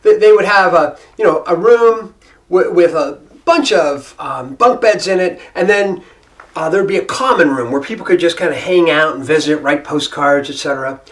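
A man's voice: on the high side, moderate pace, a bit bright. A middle-aged man from Ohio with an American accent, telling a personal travel story in a casual, rambling way with many restarts and asides. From Ohio, United States.

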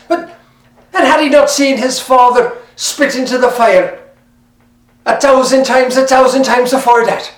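A man's voice: sits high, moderate pace. A man telling a folk tale in a lilting, conversational way, talking straight to the listener. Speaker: storyteller. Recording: roomy, mic at a distance.

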